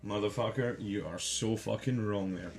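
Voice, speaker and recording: A man's voice: fairly low pitch, moderate pace, creaky, faint music behind. A man giving an angry, profanity-laden commentary as a vlogger, hurling insults.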